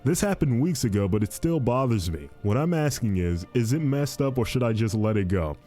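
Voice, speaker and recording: Young male podcast host, mellow and animated, casual commentary with faint music behind. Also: medium pitch, brisk. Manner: repetitive, animated, says "dude" and "fiendish". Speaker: podcast host reading advice posts.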